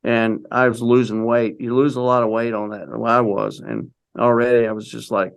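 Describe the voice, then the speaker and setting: Gravelly older man telling a long story. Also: mid-range voice, moderate pace. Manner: rambling, heavy use of "you know". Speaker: interview guest. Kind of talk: conversational storytelling.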